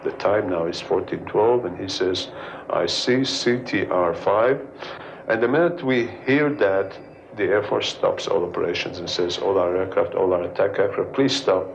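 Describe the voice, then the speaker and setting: A man with an Israeli accent recalling events in a deliberate, matter-of-fact interview. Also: deep voice, vocal fry, slight background noise, rough recording. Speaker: former Israeli military officer. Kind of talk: interview recollection.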